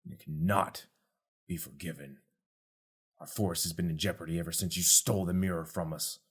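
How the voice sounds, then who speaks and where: A man's voice: low voice, steady tone, a little fast, breathy edge, exaggerated voice. A man voicing a hostile male beast-folk warrior from the forest, accusing and menacing.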